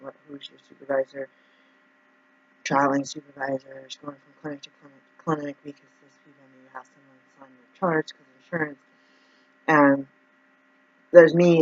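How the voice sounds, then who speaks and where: A man's voice: fairly high pitch, fairly bright tone, dry recording. A man who works as a naturopath talks through his troubles in a rambling, emotional vlog monologue. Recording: dull, dry lo-fi recording.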